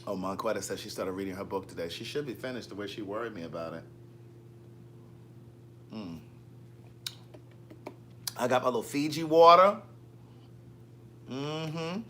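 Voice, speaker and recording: A man's voice: fairly low pitch, animated, moderate pace, long pauses, bright, forceful tone, a little hiss or hum. A man hosting a casual livestream, chatting and teasing as he reads viewer comments. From Maryland. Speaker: livestream host. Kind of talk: casual live chat.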